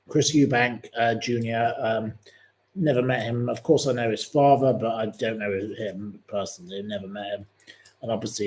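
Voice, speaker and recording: A man with a lowish, slightly mellow voice hosts a livestream quiz. Between questions he chats in a rambling, opinionated way.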